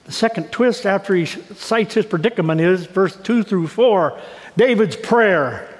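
Middle-aged man, pastor, sermon, high voice, long hall reverb. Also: expressive, unhurried. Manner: conversational preaching that builds to emphatic, raised delivery. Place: church sanctuary.

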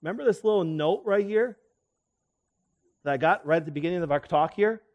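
A man's voice: on the high side, a little fast, dull audio. Middle-aged male chiropractor leading a live seminar; keeps throwing questions at the room. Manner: animated, asks the audience questions. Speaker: chiropractor giving a health talk. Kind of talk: live seminar lecture to an audience.

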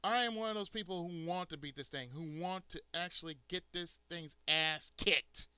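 Angry guy cussing on his gaming channel, forceful tense voice, real dry sound. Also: a little high, moderate pace, smooth, no echo. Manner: angry, profane, emphatic ranting. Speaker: gaming video host. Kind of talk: angry rant to subscribers.

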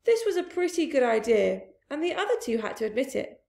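A woman reading a children's storybook aloud, slowly and expressively, dropping into hushed asides. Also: high voice, sing-song, gravelly. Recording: roomy echoey room.

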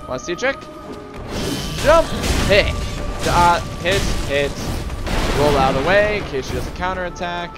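A man's voice: high-pitched, brisk. A man giving casual, jokey commentary while playing a video game, often talking to the enemies. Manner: excitable, jokey, talks to the enemies. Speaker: gaming video host. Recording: loud game music behind.

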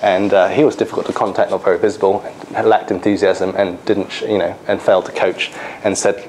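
A man from England speaks in a fairly low voice, telling anecdotes to illustrate a lecture. He stumbles through fillers and restarts as he goes. A faint hiss of background noise sits under the recording. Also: flat delivery, fairly quick, darkish tone, poor audio. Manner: storytelling with many fillers and restarts.

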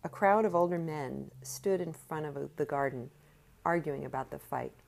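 Woman narrator, low-pitched, steady audiobook reading. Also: moderate pace, vocal fry. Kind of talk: scripted narration.

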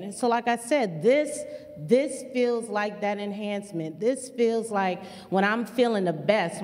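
Woman, community leader talking to a crowd, earnest and repeats herself for punch, kinda high voice, big echoey hall. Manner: earnest, repetitive, preacher-like emphasis. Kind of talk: impassioned public remarks. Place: museum auditorium. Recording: long hall reverb.

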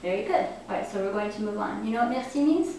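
A woman teaching a class, speaking slowly and encouragingly and repeating words for her learners. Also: mid-range voice, lively intonation, dark tone. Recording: echoey room, distant mic, faint noise.

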